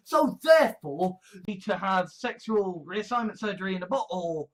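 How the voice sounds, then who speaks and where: A woman's voice: mid-range voice, expressive, normal speed, hardly any pauses. A woman ranting in a vlog commentary, full of sarcastic mock outrage, repeated phrases and swearing. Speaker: online commentator.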